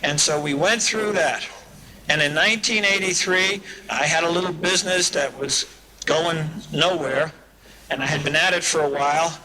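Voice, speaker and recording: On poor, hissy old cassette audio with a crowd audible behind him, a man speaks at a recovery meeting held as a live summer event. His voice is a little high and his pace normal as he tells funny stories to the audience in a folksy style.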